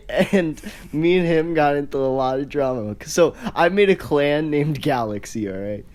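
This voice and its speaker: A teenage boy co-hosting a casual podcast, telling stories in a relaxed way and laughing often. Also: a little high, measured pace. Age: teens. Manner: relaxed storytelling, laughs a lot. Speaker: podcast co-host. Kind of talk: casual chat.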